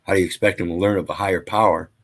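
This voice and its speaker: A man's voice: sits low, steady tone, rapid-fire. A man lecturing casually, reading out statute numbers and scripture in a rambling, preachy way. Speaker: channel host.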